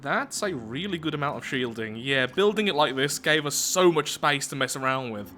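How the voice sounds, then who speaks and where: A man's voice: mid-range voice, animated, moderate pace, pushed and bright, a little hiss or hum. A man commenting casually on his own gameplay as he builds, thinking aloud in a chatty, self-mocking way. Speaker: let's play gameplay host.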